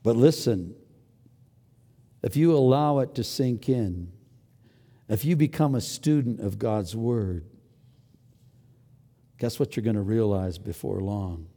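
A man preaching a sermon as a pastor, swinging between loud exclamations and hushed, near-whispered lines as he acts out his own thoughts. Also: mid-range voice, breathy edge, in a large hall. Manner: dramatic swings from loud to hushed, acting out inner voices.

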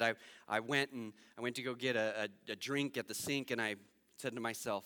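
A man's voice: medium pitch, moderate pace, pauses often, long reverb tail. A man preaching a sermon, telling a personal story and acting out the voices in it, laughing at himself as he goes. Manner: animated, acts out quotes in his story, laughs at himself. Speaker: pastor.

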